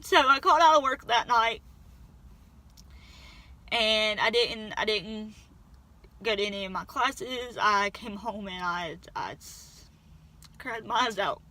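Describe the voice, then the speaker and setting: Tearful young woman, bright halting voice. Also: medium pitch. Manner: halting, with many restarts and trailing pauses. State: on the verge of tears. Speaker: vlogger. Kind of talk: emotional personal storytelling.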